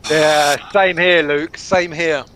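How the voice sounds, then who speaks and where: A man's voice: a little high, fairly even intonation, takes it slowly, a bit bright. A man co-hosting a football watchalong, wry and teasing, calling out the clock. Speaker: fan channel co-host. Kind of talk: live match watchalong chat.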